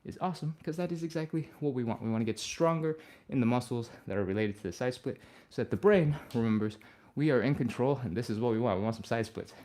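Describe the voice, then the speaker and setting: A man leading a live stretching workout as the instructor. He talks through each move in a relaxed, upbeat way and sighs and breathes audibly between cues. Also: mid-range voice, fast talker, hardly any pauses. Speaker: fitness instructor.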